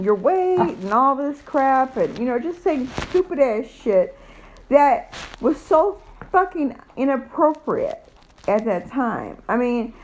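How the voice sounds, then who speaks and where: Middle-aged woman, high-ish lively voice, blunt and profane, rambling vlog storyteller. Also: low-quality recording. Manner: rambling with many fillers. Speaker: vlogger. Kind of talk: casual storytelling.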